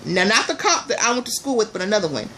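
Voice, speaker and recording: A woman vlogger telling a story to her viewers in a lively, repetitive way, often talking straight to them. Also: mid-range voice, fast, a little hiss or hum. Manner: animated, talks straight to viewers, repeats herself. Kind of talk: storytime monologue.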